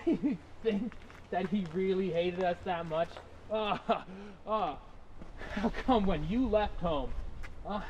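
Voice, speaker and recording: A young man playing an estranged brother, talking in a raw, halting way with swearing and restarts. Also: sits high, a little mellow, a little hiss or hum, poor audio. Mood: angry. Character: estranged brother, bitter yet pleading for forgiveness. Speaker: actor. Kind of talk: indie short film acting.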